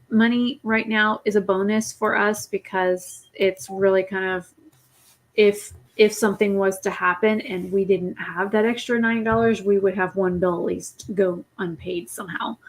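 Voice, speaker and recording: Sleepy woman streamer, rambling chat. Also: medium pitch. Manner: rambling, swears casually. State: sleepy, yawning late at night. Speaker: game streamer. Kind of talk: casual gameplay chat.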